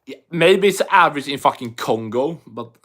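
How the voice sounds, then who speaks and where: A man's voice: on the high side, expressive, moderate pace, a bit bright. A Swedish man with a Swedish English accent, chatting casually and profanely on an MMA livestream while reading chat aloud. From Sweden.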